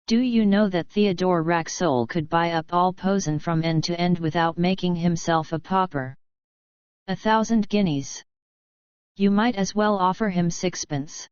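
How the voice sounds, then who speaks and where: A woman reading the lines of an earnest male prince, the young prince's uncle, in an audiobook, speaking stiffly and quietly. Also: on the low side, measured pace, smooth, no echo, lo-fi sound, close to an everyday voice. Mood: aghast.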